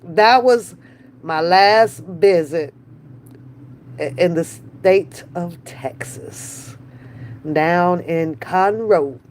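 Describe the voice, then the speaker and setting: Slow-drawling woman chatting. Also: on the low side, darkish tone, slight background noise. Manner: slow, drawn-out, with frequent dismissive "mm-mm". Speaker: live stream host chatting with viewers. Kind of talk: casual chat.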